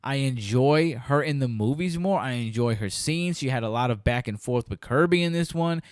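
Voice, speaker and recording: A man's voice: medium pitch, lively intonation, moderate pace, clean tone, no room sound, studio quality. A man hosting a podcast, chatting casually about a movie and acting out scenes in quoted voices. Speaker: podcast host. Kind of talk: casual movie review chat.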